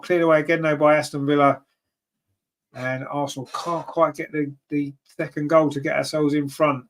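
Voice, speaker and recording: Excitable male fan commentating a live football match. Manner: partisan, rises sharply in pitch and volume at chances; grumbles at team choices and reads viewer comments aloud. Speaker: fan commentator and channel host.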